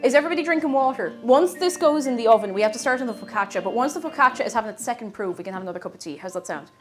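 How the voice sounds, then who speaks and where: This Irish woman, bubbly and chatty, cooks in her home kitchen while talking casually to her stream, naming viewers as she goes. Her fairly high voice is expressive and rapid-fire, with faint music behind it.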